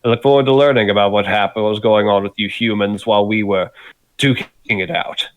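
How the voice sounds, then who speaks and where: A man's voice: fairly low pitch, fairly even intonation, fairly quick, dry recording, natural voice, poor audio. A man playing a polite scaly scholar. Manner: courteous, formal and chatty. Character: scaly male non-human scholar, polite and nerdy.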